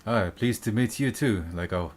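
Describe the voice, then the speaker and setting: A man doing a courteous French gentleman. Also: fairly low pitch, moderate pace, a little hiss or hum, lightly acted. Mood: polite. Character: polite French gentleman mage, proud of his hat.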